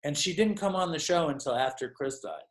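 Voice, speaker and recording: A man's voice: fairly high pitch, animated, a little fast. A man telling stories as a podcast guest, rambling and profane and full of "like". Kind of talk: casual storytelling.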